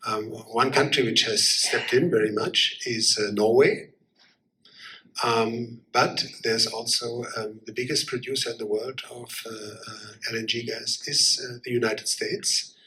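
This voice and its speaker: A man, an ambassador answering audience questions at a panel, speaking haltingly with many fillers and restarts. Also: medium pitch, steady tone, bright, forceful tone, poor audio. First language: German.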